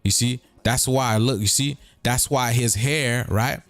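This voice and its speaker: A man's voice: mid-range voice, unhurried, no room sound, faint music behind. Repetitive man hosting a livestream. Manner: repetitive, keeps checking in with listeners; breaks words apart and riffs on them. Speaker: streaming show host. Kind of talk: casual livestream commentary.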